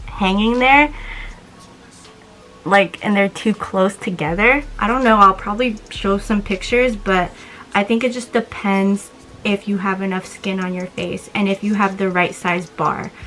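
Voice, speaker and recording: A woman's voice: mid-range voice, a bit bright, poor audio. A young woman-voiced speaker in their twenties with a slight lisp, rambling in a casual vlog chat. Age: 20s. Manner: rambling, chatty, casual swearing. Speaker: vlogger.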